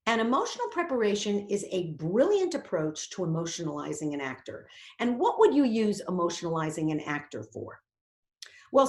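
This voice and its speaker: A woman acting teacher giving a lecture, animated and acting out the inner voices she quotes. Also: mid-range voice. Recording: echoey room.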